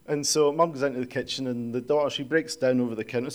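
A man's voice: medium pitch, fairly even intonation, very fast, few pauses. A male pastor preaching a sermon in a conversational, storytelling way, asking rhetorical questions.

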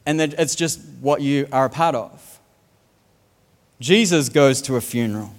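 In a large hall, a pastor delivers a sermon in a mid-range voice at a measured pace. He tells funny stories with humor and mimics the way other people speak, including their accents.

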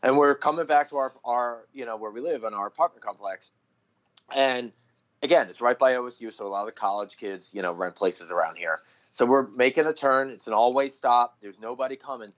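A man's voice: mid-range voice, a little fast. A man born in Philadelphia and raised in New Jersey, hosting a podcast with blunt, crude talk and heavy swearing. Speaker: podcast host. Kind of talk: casual podcast chat. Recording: slightly dull lo-fi sound.

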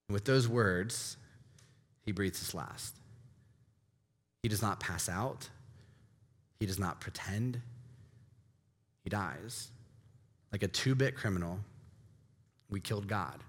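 A male pastor preaching a sermon, rising to loud emphasis and dropping to hushed, slow lines. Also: expressive. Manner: dramatic swings between loud emphasis and hushed low delivery. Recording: long reverb of a large hall.

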